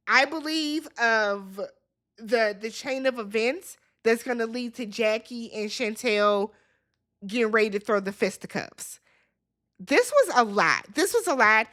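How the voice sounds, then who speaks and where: A woman's voice: fairly high pitch, a bit bright. Chatty woman recapping reality TV. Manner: chatty retelling, quotes people in their voices, blunt swearing. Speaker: recap vlogger.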